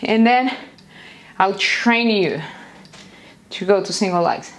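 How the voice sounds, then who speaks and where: A woman's voice: mid-range voice, takes it slowly. A woman fitness instructor leading a live home workout class, calling out exercises and cues energetically, sometimes out of breath. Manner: energetic coaching cues, counting down. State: out of breath at times. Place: home, near a busy street.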